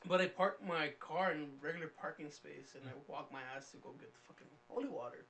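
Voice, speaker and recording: A man co-hosting a podcast, telling a story in casual chat among friends and acting it out loudly. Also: a little high, fairly quick. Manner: animated, loud when acting out his story. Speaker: podcast co-host.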